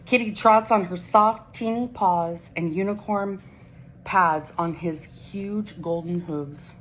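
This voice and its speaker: A woman reading a children's picture book aloud in a gentle, unhurried way. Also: on the low side, a little hiss or hum, low-quality recording. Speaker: storybook reader.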